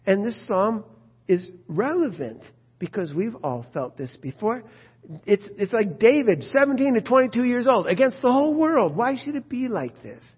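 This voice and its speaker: A man's voice: high voice, very animated, normal speed, husky, dull audio. A man preaching a sermon, impassioned and full of rhetorical questions.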